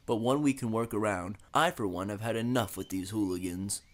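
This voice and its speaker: A man voicing a brave, steadfast old male steam engine who speaks calmly and politely. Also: on the low side, brisk, natural voice. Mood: firm.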